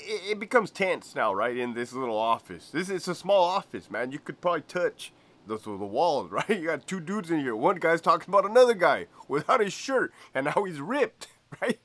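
A man's voice: a little high, a bit bright, no echo. A man who used to be a prison officer telling a story casually, slangy and profane, laughing often.

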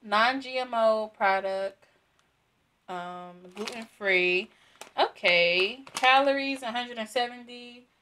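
A woman's voice: fairly high pitch, slow pace, bright, forceful tone, a little hiss or hum. A young woman reviewing free products in a casual unboxing vlog, chatty and giggly, with many fillers. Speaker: beauty vlogger.

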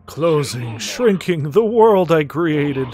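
A man's voice: a little high, expressive, slow, darkish tone, faint music behind. A man voicing a vengeful, possessive male spirit in a video game, speaking with grandiose command. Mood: menacing.

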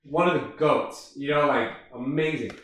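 Excitable young man, echoey room. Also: mid-range voice, moderate pace, a little hiss or hum. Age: 20s. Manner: excitable, animated storytelling. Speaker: podcast co-host. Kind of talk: casual chat. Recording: roomy and distant.

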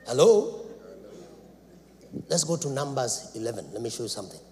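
A man preaching a sermon in a church, dramatic, swinging between loud shouts and low asides. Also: big pitch swings, normal speed. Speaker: apostle preaching. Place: church sanctuary. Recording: reverberant church hall, faint background noise.

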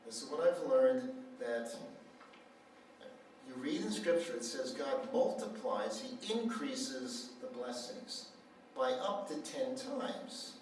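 Preacher in an echoey hall. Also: male voice, mid-range voice, slow. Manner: animated storyteller, acts out quoted dialogue. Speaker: speaker at a healing center. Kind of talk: sermon with storytelling. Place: church hall. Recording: echoey hall, mic far off, faint noise.

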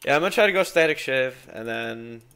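A man's voice: medium pitch, expressive, a little fast, bright, forceful tone, clear, resonant tone. A young man giving frustrated, swearing live commentary over his own gameplay. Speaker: gameplay streamer.

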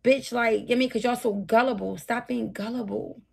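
This woman has a fairly high, husky, creaky voice that stays steady while running a bit fast. Tired and burnt out, she goes off on her livestream audience late at night, profane and confrontational, speaking right to the chat.

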